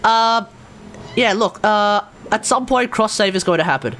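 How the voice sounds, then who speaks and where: A man's voice: high-pitched, a little slow, a bit bright, slight background noise. A man streaming live, chatting casually and jokily with his guest, swearing freely. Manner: jokey, loose, swears freely. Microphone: headset earphones with mic.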